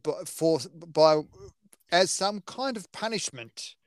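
A man's voice: sits high, animated, takes it slowly, clean tone, no echo. A man co-hosting a podcast, chatting casually about a film and laughing often. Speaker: podcast co-host. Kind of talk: casual chat about films.

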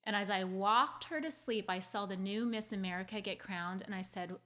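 A woman sharing a painful childhood story with her audience in an earnest, confiding way, talking quickly and restarting her phrases as she speaks. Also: mid-range voice, fairly bright tone. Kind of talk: heartfelt personal storytelling.

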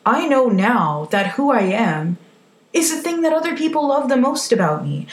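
A woman's voice: fairly high pitch, sing-song, normal speed, echoey room. A woman giving a frank, emphatic motivational talk, swearing casually as she speaks. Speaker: self-help speaker.

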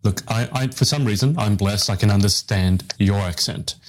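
Male host, lowish voice, rambling casual storyteller, live interview on a video call. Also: normal speed. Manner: rambling, self-deprecating storyteller with restarts.

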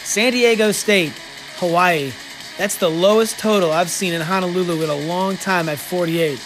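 A man hosting a podcast, giving sports betting picks in a casual, sarcastic way with quick joking asides. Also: high-pitched, music in the background.

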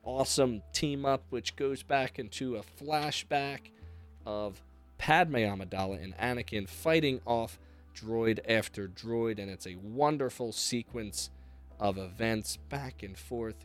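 A man's voice: medium pitch, takes it slowly, soft background music. A male podcast host giving an enthusiastic, casual recap of a comic, with fillers and asides.

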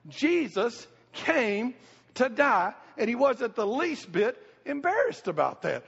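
A man's voice: very high voice, gravelly, a bit bright, slightly rough. A middle-aged man preaching a sermon, folksy and emphatic, repeating his key phrases. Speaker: pastor. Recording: reverberant church hall, dull lo-fi sound.

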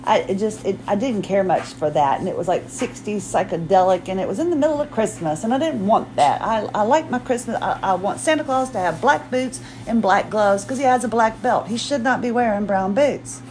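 A chatty woman in her forties talks on her own podcast, rambling from one thought to the next with lots of restarts. Her voice sits at an ordinary middle pitch, with a faint hum of room noise behind her. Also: expressive, a little fast, few pauses, darkish tone, low-quality recording. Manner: chatty and rambling, with frequent restarts and acted-out quotes. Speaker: podcast host. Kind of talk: casual solo podcast chat.

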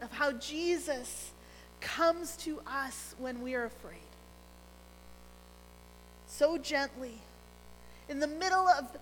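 A middle-aged woman preaching a sermon as pastor, earnest and gentle, dropping to a near hush on key phrases. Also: sits high, long reverb tail, a little hiss or hum, rough recording.

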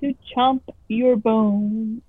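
A woman voicing a creature that groans slowly, hunting for its lost toe. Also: on the high side, fairly even intonation, dry recording. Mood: menacing. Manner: slow drawn-out moaning. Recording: tinny phone-like sound.

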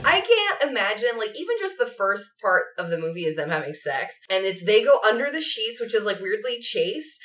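A woman co-hosting a movie podcast, her voice bright and her pitch swinging a great deal as she jokes. She sounds a little distant from the mic. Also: normal speed, hardly any pauses. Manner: animated, joking, self-deprecating. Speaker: podcast co-host. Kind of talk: casual chat, movie podcast.

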